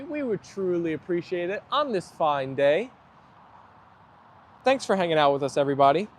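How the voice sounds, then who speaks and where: There's slight background noise as a young livestream host with a high voice chats outdoors. He reads his viewers' comments aloud while his dogs play, keeping an easygoing, talkative manner full of laughs.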